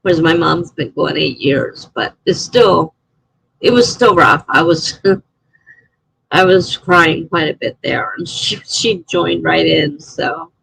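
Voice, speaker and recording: A woman's voice: sits low, slow pace, gravelly, fairly bright tone, breathy edge, poor audio. A middle-aged woman chatting casually on a live stream, answering chat messages and laughing often.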